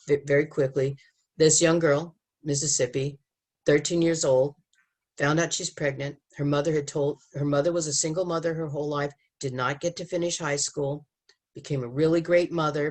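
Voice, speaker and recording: A woman's voice: sits low, darkish tone. Middle-aged woman, from the US, emphatic, storytelling, quotes people in voices. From United States. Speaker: speaker on marriage and family. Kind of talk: lively talk to an audience.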